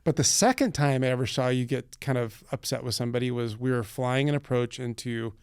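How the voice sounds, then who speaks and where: A man hosting a relaxed podcast, telling aviation stories in detail and laughing along easily. His voice is smooth and clean, set at a middle pitch, and the recording is dry and close with no room sound. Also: brisk, no echo. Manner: chatty, laughs often, recounts flights in detail. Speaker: podcast host and pilot. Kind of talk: casual podcast chat.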